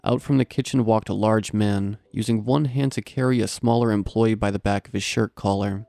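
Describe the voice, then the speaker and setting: A man calmly narrating a scary story in a steady, low-key storytelling manner, close to the mic. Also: moderate pace, gravelly, no room sound. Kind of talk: scripted horror story narration.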